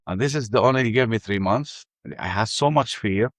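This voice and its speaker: A man's voice: on the low side, brisk, few pauses, no room sound. Man telling his story. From Palestinian territories. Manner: searches for English words, restarts sentences. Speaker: interview guest telling his life story. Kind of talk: personal storytelling.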